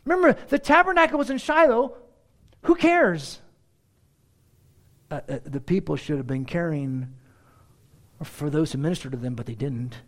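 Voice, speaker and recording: A man preaching a verse-by-verse sermon with sarcastic asides and rhetorical questions, swinging between loud exclaims and hushed asides. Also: fairly high pitch, sing-song, brisk. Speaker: pastor. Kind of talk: expository sermon.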